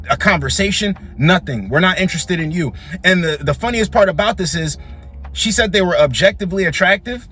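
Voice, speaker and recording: A man's voice: high-pitched, bright, forceful tone, breathy edge. A man giving blunt, slangy reaction commentary on dating clips, scolding and dismissive.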